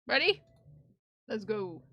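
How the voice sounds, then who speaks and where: A woman's voice: medium pitch, very animated, takes it slowly, no room sound, lo-fi sound. A woman streamer in casual chat, rambling with many fillers and restarts, her speech drifting between several accents. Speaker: live streamer.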